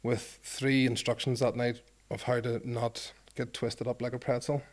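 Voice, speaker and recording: A man's voice: medium pitch, flat delivery, moderate pace. A Northern Irish man in his forties tells a long anecdote in an interview. He is self-deprecating and acts out the quoted exchanges, with a voice in the middle range for a man. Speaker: former rugby player. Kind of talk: storytelling interview.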